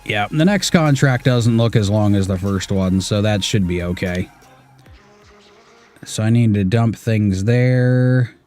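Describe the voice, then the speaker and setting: A man's voice: fairly low pitch, measured pace, darkish tone, soft background music. Laid-back man narrating his gameplay. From Washington State. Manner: laid-back, muttering to himself, swears casually. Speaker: gaming streamer. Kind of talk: casual gameplay commentary.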